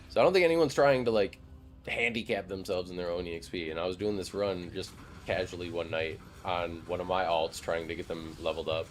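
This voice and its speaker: A man streaming a game, chatting casually in a loose, rambling way full of "like" fillers and the odd swear word. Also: low voice. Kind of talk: casual live-stream chat while gaming.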